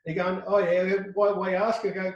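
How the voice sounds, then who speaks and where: A middle-aged Australian man, a podcast guest, tells a lively anecdote full of restarts and quoted dialogue. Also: high voice, normal speed, reverberant, lo-fi sound. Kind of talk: casual storytelling.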